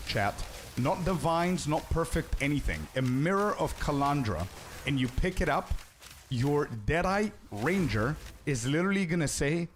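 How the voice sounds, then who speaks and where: A young man streams a game and chats casually with his viewers, answering their questions and saying "bro" a lot. His voice is on the high side, with a little hiss or hum in the recording.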